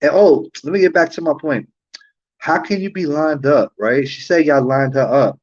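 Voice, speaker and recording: Man, livestream host, heated profane rant, slightly high voice, dull lo-fi stream audio. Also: moderate pace. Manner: profane, heated ranting with repeated rhetorical questions.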